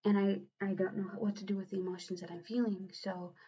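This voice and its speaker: A young woman speaks in a confessional vlog, earnest and halting, often breaking off and starting her sentences again. Her voice sits at an ordinary middle pitch for a woman. The recording sounds slightly dull and lo-fi. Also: little pitch movement, warm tone, slightly rough. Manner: halting, earnest, with frequent restarts. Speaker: vlogger and new mother.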